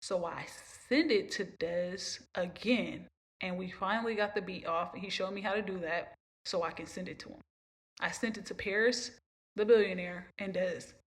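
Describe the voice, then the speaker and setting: A young woman hosting a podcast tells a long, emotional story, rambling and repeating herself in a casual monologue. Her voice is medium-pitched and her pace moderate.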